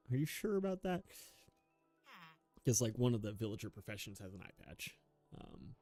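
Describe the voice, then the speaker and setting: A man's voice: lowish voice, vocal fry, mellow. A young man giving rambling, self-mocking commentary while playing a video game, chuckling often. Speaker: gaming YouTuber. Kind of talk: casual gameplay commentary.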